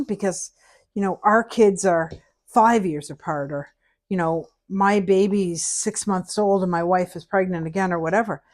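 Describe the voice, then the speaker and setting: Middle-aged Canadian woman, cooking teacher, lowish voice, loose chatty delivery with humming. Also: moderate pace, darkish tone. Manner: chatty, hums and sings to herself while working. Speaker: cooking instructor. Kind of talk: casual cooking tutorial chat.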